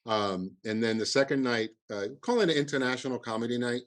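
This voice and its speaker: A man with a Cuban accent, a festival producer, talking in a halting podcast interview with many restarts and fillers. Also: medium pitch.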